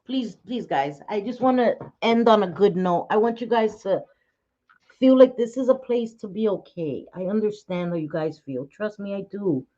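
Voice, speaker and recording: A woman's voice: medium pitch, expressive, normal speed, warm tone. A middle-aged woman hosting a casual livestream from home, chatty and laughing often as she talks to viewers by name. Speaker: livestream host. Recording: dull lo-fi stream audio.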